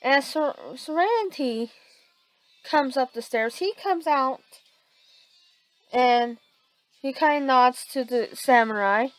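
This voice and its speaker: A woman's voice: high voice, dry recording, low-quality recording. Woman rambling through a fan story, stops and restarts a lot, dry close sound. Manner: halting, many restarts and fillers. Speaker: fan fiction narrator. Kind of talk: improvised story narration.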